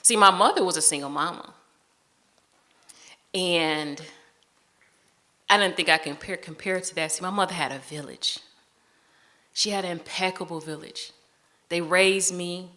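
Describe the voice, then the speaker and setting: A woman's voice: lowish voice, moderate pace, pauses often, pushed and bright. A woman storyteller telling a personal story in a conversational way on stage, acting out the dialogue of the people in it. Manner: conversational, acts out dialogue in quoted voices.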